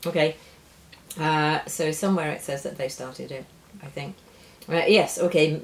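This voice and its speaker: Brief: low-pitched woman, casual co-host, rambling and chatty. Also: moderate pace, pauses often. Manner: chatty, rambling, stumbles reading French aloud. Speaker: perfumer and co-host. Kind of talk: casual tasting chat.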